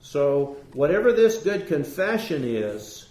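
Male preacher, emphatic sermon delivery, a touch high, echoey space. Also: very animated, slow pace, darkish tone. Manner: earnest, emphatic, rising on key points. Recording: roomy echo.

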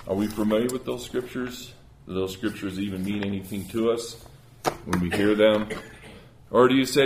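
A man's voice: lowish voice, normal speed, reverberant. A man preaching a sermon, earnest and conversational, often restarting his words.

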